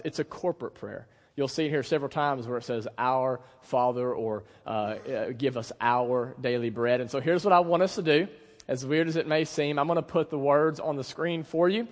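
A man in his thirties, a pastor preaching a sermon in a church, telling stories in a relaxed, conversational, self-deprecating way. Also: medium pitch. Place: church sanctuary. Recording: long hall reverb.

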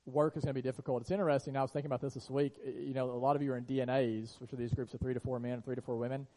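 A man preaching in an earnest sermon style, his voice dark and mellow. He often sinks to a quiet hush to press a point, then lifts again. He is speaking in a church sanctuary. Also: medium pitch, flat delivery, very fast, rough recording. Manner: earnest preaching, drops to a hush on key lines. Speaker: pastor.

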